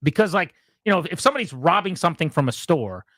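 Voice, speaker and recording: Animated man telling a story on air. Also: fast talker, dry recording, clean studio sound. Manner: animated storytelling, mimics others in a loud high voice. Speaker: sports radio host. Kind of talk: casual radio talk.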